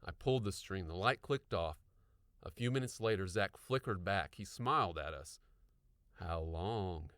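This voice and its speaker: An audiobook narrator reads a children's book in a low voice, storytelling with great animation at a moderate pace. The recording is dry and close.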